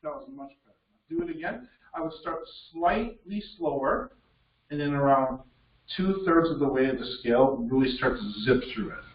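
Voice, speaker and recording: A man teaching piano in a masterclass, encouraging and quick to check in, with a higher, animated voice. He is picked up from across a roomy studio, the sound a little dull. A piano plays faintly behind him. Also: recorded from a distance. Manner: encouraging, checks in with frequent "okay?". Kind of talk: coaching a student at the piano. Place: music studio indoors with a piano.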